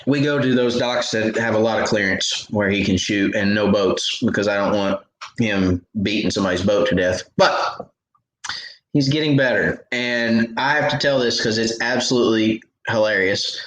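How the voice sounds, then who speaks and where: A man's voice: lowish voice, moderate pace, a bit bright, reverberant, rough recording. A man hosting a fishing show, telling stories and answering viewer questions in a casual live chat, laughing at his own stories. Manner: chatty storyteller, laughs at own stories, many restarts.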